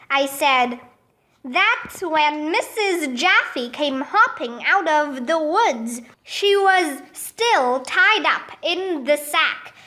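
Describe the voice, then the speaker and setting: A woman reads a children's chapter book aloud at an unhurried pace. Her voice sits high and bright, and it leaps upward whenever a character shouts. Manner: jumps up in pitch for excited characters' shouts. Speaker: storybook reader.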